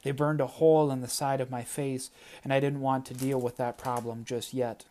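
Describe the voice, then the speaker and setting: A man narrating a first-person audiobook chapter in a steady, plain storytelling manner. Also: mid-range voice, normal speed.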